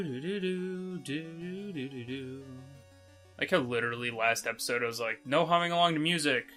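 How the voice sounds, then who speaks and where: Rambling bright-voiced man playing a game. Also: medium pitch. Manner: rambling, lots of fillers and casual swearing. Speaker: let's play host. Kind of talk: casual gameplay commentary.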